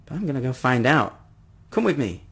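A man voicing a stern, suspicious mother who speaks in brisk, commanding bursts. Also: medium pitch, sing-song, gravelly, a bit bright, husky, full character voice.

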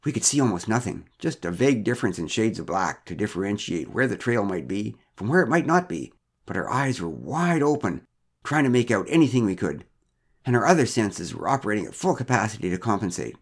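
A man's voice: lowish voice, big pitch swings, a little fast. A man narrating a personal story with wry, dry humor.

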